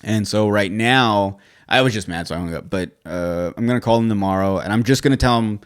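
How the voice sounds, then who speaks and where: A man's voice: lowish voice, fairly quick, clear, resonant tone. Exasperated man venting with profanity. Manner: profane, exasperated storytelling with quoted dialogue. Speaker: podcast co-host. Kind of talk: casual chat.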